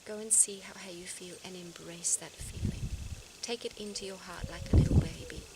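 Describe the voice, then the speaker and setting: A woman's voice: on the low side, steady tone, normal speed, few pauses. A woman speaking reflectively to her viewers in a personal vlog, earnest and searching, often restarting her sentences. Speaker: vlogger. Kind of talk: reflective personal talk to camera. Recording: outdoor noise behind voice.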